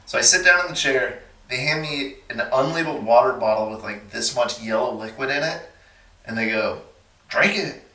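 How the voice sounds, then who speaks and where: A man from Texas spins a casual story with a bright, forceful voice and plays out the other characters as he goes. The sound is roomy, with some reverb, and he sits back from the microphone. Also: medium pitch, brisk, recorded from a distance. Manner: animated, acts out the voices of people in his stories. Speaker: podcast guest.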